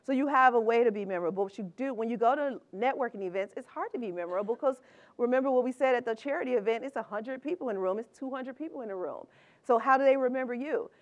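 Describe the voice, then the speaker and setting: A middle-aged woman speaking at a conference with a slightly high voice. She talks in a chatty, upbeat way and laughs often. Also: quick pace, muffled recording. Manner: upbeat, conversational. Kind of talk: conference talk.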